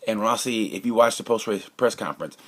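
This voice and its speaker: A fast-talking man with a lowish voice reviews a motorcycle race casually and with strong opinions. He wanders off on tangents, cracks jokes, and now and then slips into a conspiratorial whisper.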